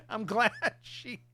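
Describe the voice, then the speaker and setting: A man in his forties, a podcast host, talking candidly about family in casual chat, laughing between thoughts. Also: bright, forceful tone.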